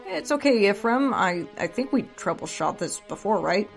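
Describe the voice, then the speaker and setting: A drunk woman voicing a nervous, polite young man who talks high and hesitantly in a storybook reading. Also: lively intonation, moderate pace, gravelly, soft background music. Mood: fretful.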